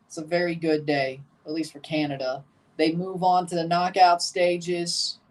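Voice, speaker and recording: A woman's voice: lowish voice, far from the mic. A woman hosting a live watchalong stream, chatting with opinions and reacting aloud to the plays as they happen. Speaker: livestream host.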